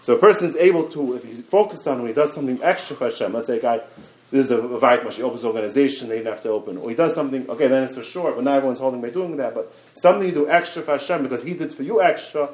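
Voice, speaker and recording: A man teaching a Torah class in an animated way, repeating words and talking in quick bursts. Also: mid-range voice. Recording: echoey room.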